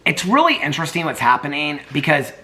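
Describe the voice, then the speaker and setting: Man vlogging from home, cooing baby talk to his dogs, loose rambling asides, very animated voice. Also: fairly high pitch, quick pace. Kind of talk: casual daily vlog. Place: home, indoors.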